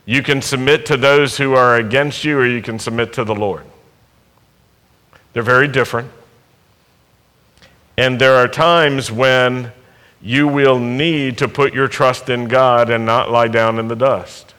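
A man preaching a sermon at a worship service, speaking emphatically, asking the congregation rhetorical questions and building to loud exhortations. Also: medium pitch, fairly even intonation, measured pace, long pauses, clear, resonant tone.

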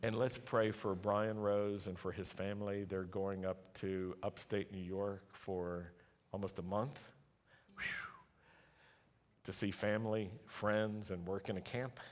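A male pastor leading his congregation in prayer during a sermon, slow and deliberate, with repeated call-and-response lines. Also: on the low side, level tone. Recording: long hall reverb.

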